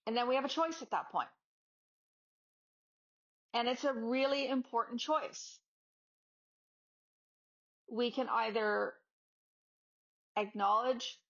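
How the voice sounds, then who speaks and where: A woman's voice: on the high side, a bit bright. Chatty woman giving a motivational talk. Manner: conversational, acts out dialogues with students. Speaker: yoga teacher and podcast host. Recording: slightly dull lo-fi audio.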